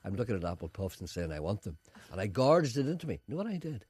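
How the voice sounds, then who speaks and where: A man presenting a radio show, telling stories with animated, teasing, theatrical flair in casual banter. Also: fairly low pitch, rapid-fire, husky, no room sound.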